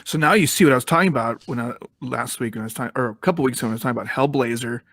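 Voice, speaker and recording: A man co-hosting a relaxed comic book chat, chiming in with loose, trailing remarks. His voice is recorded close and dry, with no room sound. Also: medium pitch, racing, dry recording. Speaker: co-host. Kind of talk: casual chat.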